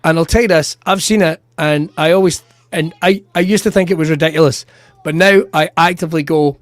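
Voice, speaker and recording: A man's voice: on the high side, a little fast, no room sound. A man, a comedian hosting a podcast, telling stories animatedly with lots of swearing and laughter. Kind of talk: casual storytelling chat.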